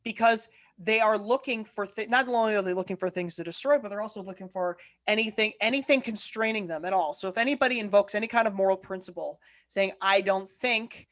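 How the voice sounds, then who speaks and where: A woman co-hosting a political podcast, arguing her point with steady passion. Her voice sits at a middle pitch, and she often breaks off and restarts her sentences as she builds her case. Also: quick pace, hardly any pauses. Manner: impassioned, argumentative, frequent self-restarts. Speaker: podcast co-host.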